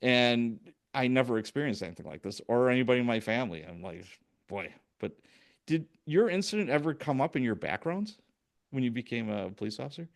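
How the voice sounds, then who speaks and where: A man in his sixties from Chicago, hosting a podcast and telling lively anecdotes with acted-out quotes. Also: mid-range voice, fairly quick, vocal fry. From Chicago, USA. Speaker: podcast host. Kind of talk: casual storytelling interview.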